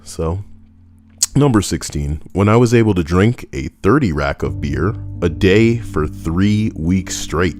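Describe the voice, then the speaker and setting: A man's voice: sits low, animated, unhurried, darkish tone, soft background music. A young man hosting a casual commentary video, rambling, cursing and joking, and sometimes arguing with himself. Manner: rambling, profane, jokey, talks to himself. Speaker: channel host.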